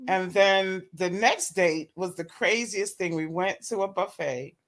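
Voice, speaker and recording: Animated woman telling a story. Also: on the low side, a little slow. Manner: animated, acts out both sides of conversations; laughs often while telling. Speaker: guest. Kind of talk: casual storytelling.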